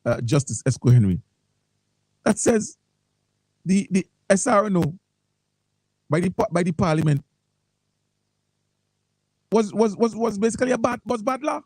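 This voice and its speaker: Animated Vincentian radio host, husky voice. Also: male voice, high-pitched, a little slow, long pauses, dry recording, poor audio. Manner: animated, repeats words, reads posts aloud. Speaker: radio talk show host. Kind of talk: morning talk radio commentary.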